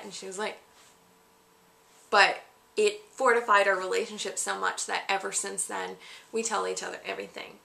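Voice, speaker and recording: A woman's voice: medium pitch, steady tone, normal speed, vocal fry, bright, forceful tone, a little hiss or hum. A young woman telling a personal story in a casual vlog, acting out the voices she quotes. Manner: chatty, acts out quoted voices. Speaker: vlogger answering viewer questions.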